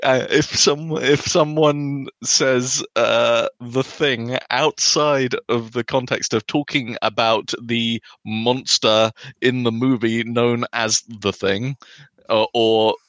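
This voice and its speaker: A man co-hosting a podcast, making teasing, deadpan jokes in casual conversation. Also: mid-range voice, slow pace, no room sound. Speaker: podcast co-host.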